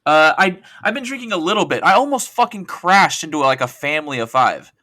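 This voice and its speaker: A man's voice: a little high, lively intonation, fairly quick, sharp tone, a little hiss or hum. A man appearing as a podcast guest, telling rambling, self-deprecating stories in casual chat. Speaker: podcast guest, co-host of another show.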